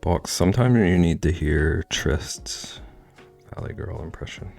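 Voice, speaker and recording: A man's voice: low voice, lively intonation, unhurried, gravelly, a little mellow. A man streaming casually while drawing, rambling and chatty, often trailing off into mumbles. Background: faint background music.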